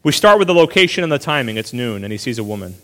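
A male pastor preaching a sermon in a relaxed, conversational way, full of asides and quick restarts. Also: mid-range voice, in a large hall.

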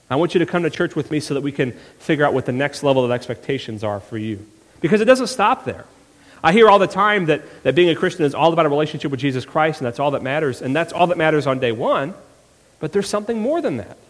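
Man preaching in an echoing church. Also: a little high. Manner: conversational, with rhetorical questions and humorous asides. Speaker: pastor. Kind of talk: sermon.

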